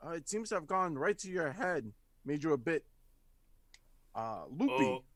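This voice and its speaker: Man voicing a bartender woman, puzzled, higher pitch, concerned, dry sound. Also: sing-song, moderate pace, no echo. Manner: bemused, concerned questioning. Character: puzzled female tavern bartender.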